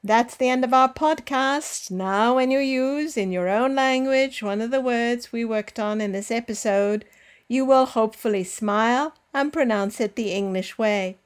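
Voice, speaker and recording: A woman teacher hosting a pronunciation podcast, reading out words slowly and carefully for listeners to repeat. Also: a little high, clean tone. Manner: slow, carefully enunciated drilling. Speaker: language teacher.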